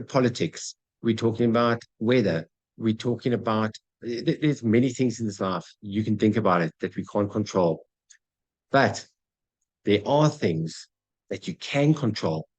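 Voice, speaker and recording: A man's voice: fairly low pitch, husky, poor audio. A man giving a motivational talk on goal setting, addressing his audience directly and acting out little scenes. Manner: energetic, acts out dialogue, addresses audience as guys. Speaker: motivational speaker.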